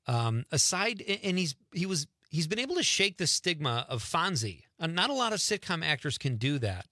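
Bright-voiced chatty radio host man. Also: on the high side, very animated, moderate pace, dry recording, studio quality. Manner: chatty, laughs easily. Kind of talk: casual radio talk.

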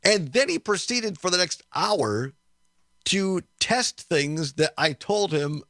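A man's voice: sits high, slow pace, no echo. Radio host guy telling a story, lots of chuckles, bouncy voice, dry studio mic. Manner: animated, chuckles often, acts out quoted people. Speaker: radio talk show host. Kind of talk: storytelling chat on air.

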